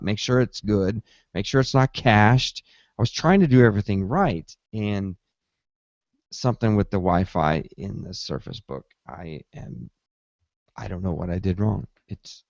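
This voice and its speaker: A man's voice: fairly low pitch, gravelly, no room sound. Man telling a tech story on a podcast. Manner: animated storytelling, acts out his own reactions. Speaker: podcast host. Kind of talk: casual tech podcast chat. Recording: dull, slightly lo-fi dry sound.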